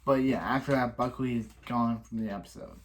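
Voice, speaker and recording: A man's voice: medium pitch, steady tone, fairly quick. A man with an ordinary mid-range voice walks through an episode's plot in a loose, offhand recap. He stumbles, restarts and repeats phrases as he goes, and grows exasperated when he reaches the parts he dislikes. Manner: exasperated complaining. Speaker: reaction video host.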